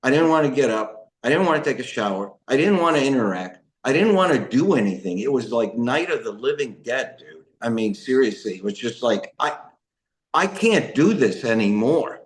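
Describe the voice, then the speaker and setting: A man speaks at a middle pitch and tells his own story of addiction and recovery. He is emotional and rambling, full of restarts and fillers. His voice carries a roomy echo. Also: sing-song, moderate pace. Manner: emotional, rambling, frequent restarts and "you know". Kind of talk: personal testimony talk.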